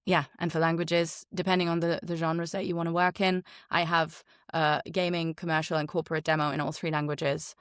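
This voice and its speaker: A woman's voice: low voice, level tone, a little fast, hardly any pauses, a bit bright, smooth, no room sound, clean studio sound. A woman voice actor and coach giving frank, chatty advice in a podcast interview. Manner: chatty, frank, lots of fillers.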